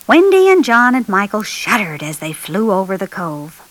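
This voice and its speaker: A woman reading a children's storybook aloud in an expressive, animated way, lifting her voice for the children's lines. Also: medium pitch, moderate pace, hardly any pauses, low-quality recording. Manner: lively expressive read-aloud, raising her voice for children's dialogue. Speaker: storybook narrator.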